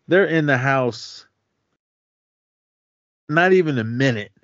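A man's voice: medium pitch, expressive, slow, a bit bright, no echo. A man co-hosting a podcast, animatedly retelling a film scene in casual chat and acting out the scenes. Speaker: podcast co-host. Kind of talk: casual movie recap chat. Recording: dull lo-fi sound.

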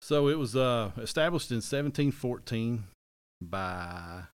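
A man's voice: mid-range voice, expressive, measured pace, clean tone, no echo. A middle-aged man chatting casually on a podcast, rambling, correcting himself and joking as he goes. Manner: rambling, self-correcting, jokey. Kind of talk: casual chat.

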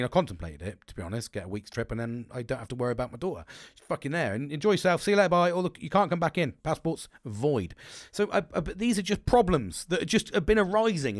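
A man's voice: medium pitch, expressive, rapid-fire, no room sound. Sweary man, blunt and dry. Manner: sweary, blunt, restarts often. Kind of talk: candid rambling monologue.

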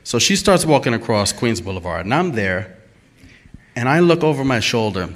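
A man's voice: mid-range voice, big pitch swings, normal speed. A man telling a personal story and acting out the quoted lines, laughing at himself as he goes.

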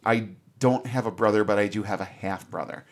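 A man quoting a calm, logical male alien officer in his own low voice, flat and matter-of-fact. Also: a little fast, lightly acted.

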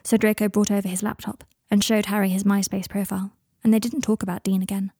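A woman narrating a fan-fiction story in an even, steady storytelling manner. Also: medium pitch, fast, slightly rough, no echo, clean studio sound. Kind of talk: audiobook narration.

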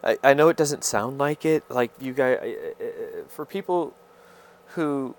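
A man talking straight to his viewers in a rambling personal monologue, halting and stammering as he searches for his words. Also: mid-range voice.

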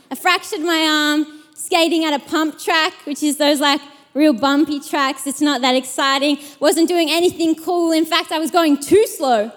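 A young adult woman preaching a sermon, reading scripture and telling a personal story in a lively, chatty way with many fillers. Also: sits high. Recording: long hall reverb.

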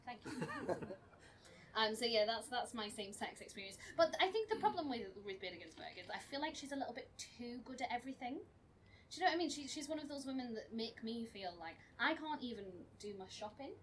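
A woman's voice: on the high side, a bit bright, far from the mic, a little hiss or hum, low-quality recording. A young woman presenting a comic segment, chatty and self-mocking with frequent giggles. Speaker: panel presenter.

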